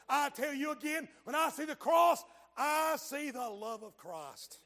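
A man preaching a fervent, dramatic sermon that swings between hushed and shouted lines. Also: very high-pitched, animated, measured pace, hardly any pauses.

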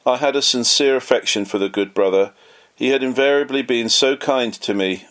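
A man reading a memoir aloud in an earnest, measured way, lightly voicing the quoted lines. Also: mid-range voice, steady tone, fairly bright tone. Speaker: audiobook narrator.

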